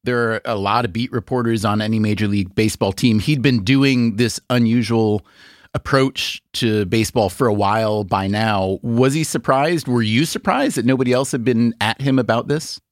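A man hosting a radio interview show, narrating and asking curious, measured questions. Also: medium pitch, no room sound, clean studio sound. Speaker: podcast host.

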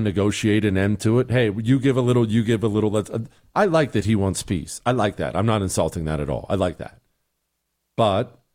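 A man's voice: fairly low pitch, a little mellow. A middle-aged man hosting a talk show, giving blunt, exasperated opinions and answering listener emails.

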